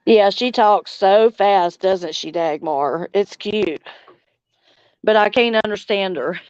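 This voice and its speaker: A middle-aged woman from Louisiana with a Southern accent, chatting casually on a livestream and reading comments, slow and drawling, laughing often. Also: medium pitch, a little mellow, clean tone, dry recording, muffled recording. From Louisiana, United States. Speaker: livestream host. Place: outdoors on a front porch swing.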